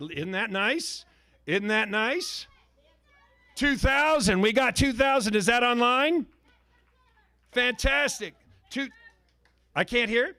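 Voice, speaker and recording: A man working as a charity auctioneer, calling bids in lively patter and teasing bidders by name with jokes. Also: very high-pitched, no room sound.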